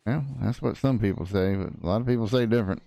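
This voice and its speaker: A man's voice: lowish voice, fast, creaky, mellow, no room sound. A man roleplaying a cranky old frontier prosecutor, rambling in a folksy way with lots of fillers. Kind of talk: in-character roleplay chat.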